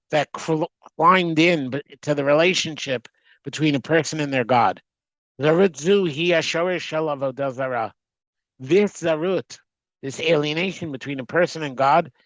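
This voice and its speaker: A man teaching a text study class, reading aloud and translating line by line, often halting and restarting words as he goes. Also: a little high, no echo, rough recording. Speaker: Torah teacher.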